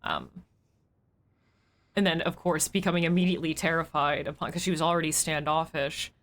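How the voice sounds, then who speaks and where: A woman's voice: sits low, fairly even intonation, a little fast, a bit bright. A woman streaming a game live, talking through her thoughts in a rambling, reflective way, full of fillers and restarts. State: emotional and weepy. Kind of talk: live-stream gameplay commentary.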